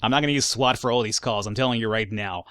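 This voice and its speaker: A man's voice: medium pitch, fast, a bit bright, no room sound, studio quality. A man giving casual gameplay commentary, reading in-game reports aloud between wry, sarcastic asides. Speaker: let's play gamer.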